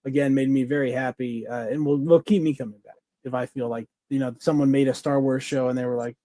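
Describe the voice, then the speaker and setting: Warm-toned and medium-pitched, this podcast co-host speaks fast with fairly even intonation, recorded without echo. He rambles happily through a casual review chat, full of filler words and restarts.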